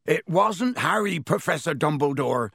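A man voicing a huge, rough male groundskeeper in an audiobook, ranting loudly and urgently. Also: fairly high pitch, animated, measured pace, dry recording, clean studio sound, voice pushed up, heavily acted. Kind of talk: audiobook character voice.

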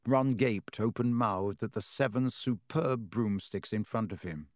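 A man narrating an audiobook with expressive, clear storytelling into a close mic. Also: fairly low pitch, measured pace, hardly any pauses, no room sound.

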